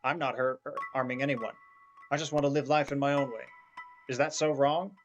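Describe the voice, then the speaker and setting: Man voicing a gentle reclusive hermit, soft pleading voice, game dialogue. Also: medium pitch, steady tone, brisk, muffled recording, faint music behind, natural voice.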